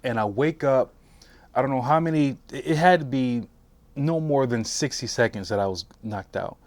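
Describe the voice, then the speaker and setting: A man in his forties, a veteran, telling his story for an oral history interview in a halting way with frequent restarts. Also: medium pitch, a little mellow, no room sound. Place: interview room.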